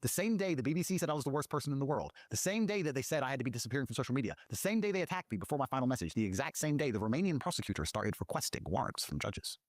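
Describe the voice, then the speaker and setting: A man's voice: medium pitch, expressive, racing, few pauses, no room sound, clean studio sound. A man telling a long personal story, swearing often and acting out the lines of the people in it. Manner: profane, acts out quoted dialogue. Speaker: guest telling his story. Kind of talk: animated storytelling.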